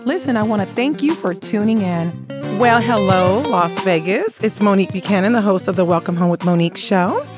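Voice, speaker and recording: A woman's voice: medium pitch, a little fast, music in the background. A woman hosting a casual radio talk show, upbeat and chatty, laughing often, her voice a little worn. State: slightly lost voice.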